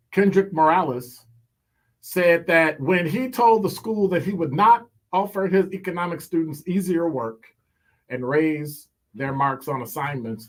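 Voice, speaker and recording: Male call-in radio host: animated and playful, slightly raised pitch, quick joking asides. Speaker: radio talk show host. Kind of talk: talk radio monologue.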